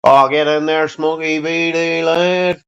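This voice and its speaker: The audio is dull and lo-fi as a livestream host at home chats casually and bluntly with his viewers, cursing freely. He speaks slowly in a fairly high, fairly bright, clean voice with fairly even intonation and some vocal fry.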